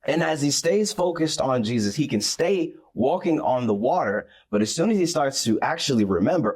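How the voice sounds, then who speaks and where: A man retelling a Bible story in a casual faith discussion, animated and acting out the scenes. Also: a little high, normal speed, few pauses, slightly rough.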